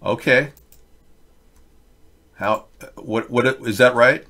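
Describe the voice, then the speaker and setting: A man's voice: medium pitch, slow pace, pushed and bright. Sarcastic rambling male livestream host. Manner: rambling, sarcastic, wisecracking asides. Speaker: livestream host reading chat. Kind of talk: casual political commentary livestream.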